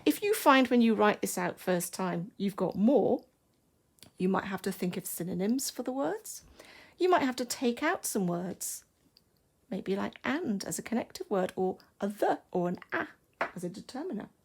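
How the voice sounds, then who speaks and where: An English woman teaching a primary school class, thinking aloud slowly and carefully as she writes, in a recorded online lesson. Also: mid-range voice, big pitch swings. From England. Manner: slow, careful, thinking aloud while writing.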